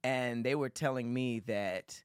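A man hosting a casual, joking podcast chat, animated and acting out quoted voices. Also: medium pitch, unhurried, clean tone, dry recording, clean studio sound. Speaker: podcast host.

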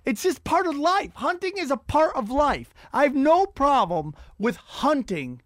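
A man's voice: very high-pitched, very animated, unhurried, dry recording, clean studio sound. A man hosting a casual chat, telling rambling, profane, self-mocking stories.

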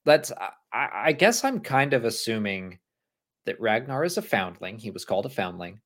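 A man's voice: mid-range voice, normal speed. A man co-hosting a live stream, chatting casually, laughing often and reading out viewer messages. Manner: animated, laughs often, reads super chats aloud. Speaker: podcast co-host.

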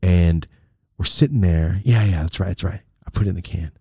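A man's voice: low-pitched, fairly quick, warm tone, breathy edge, dry recording, clean studio sound. Profane, rambling man telling a story. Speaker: podcast host. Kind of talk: casual storytelling.

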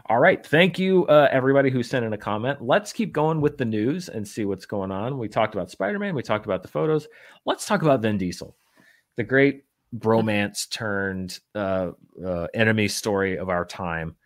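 Male podcast host, slightly low voice, casual and wry, talks with plenty of ums and restarts. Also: expressive, normal speed. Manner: joking, wry, with many fillers and restarts. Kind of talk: casual chat reading news.

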